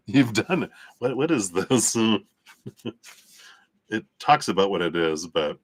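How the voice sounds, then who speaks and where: A man hosting a live tarot reading stream, chatty and laughing often between remarks, sometimes reading card meanings slowly and soothingly. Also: fairly low pitch, big pitch swings, slightly rough, dry recording.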